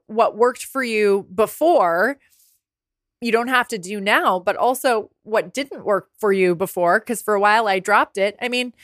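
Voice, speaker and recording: A woman's voice: a little high, fairly bright tone, dry recording, studio quality. A woman in her forties hosting a podcast, talking candidly and casually, with the odd swear word. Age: 40s. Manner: candid and conversational, swears freely. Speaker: podcast host. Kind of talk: casual solo podcast talk. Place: apartment by the ocean.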